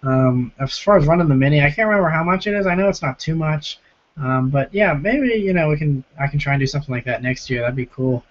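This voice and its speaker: A hoarse young man with a sore, rough throat hosting a casual live-stream Q&A from home, chatting as he reads out and answers viewer comments. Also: on the high side, fast. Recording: lo-fi stream audio.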